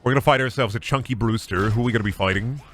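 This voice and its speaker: A man's voice: medium pitch, racing, fairly bright tone, a little hiss or hum. A man streaming a game, joking and swearing as he plays and answers chat, often laughing in exasperation. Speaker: gaming streamer. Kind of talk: livestream commentary while playing and reading chat.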